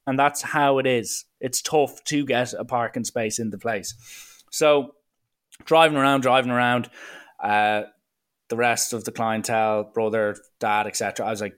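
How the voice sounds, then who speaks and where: A young man telling a funny anecdote in a casual, animated way, slipping into voices now and then. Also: mid-range voice, moderate pace, smooth. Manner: lively, animated, breaks into voices. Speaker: storyteller.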